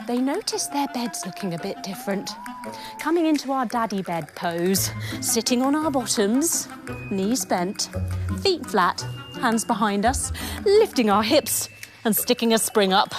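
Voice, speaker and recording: Woman, 30s, kids' yoga storyteller; high, very lively, slow and soothing. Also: music in the background. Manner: animated, soothing, sing-song. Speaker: kids yoga instructor. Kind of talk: storytelling yoga lesson for children.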